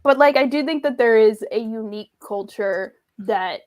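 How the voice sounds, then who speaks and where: A woman's voice: fairly high pitch, normal speed, a little mellow, poor audio. A woman talking in an earnest, thoughtful way during a casual group chat.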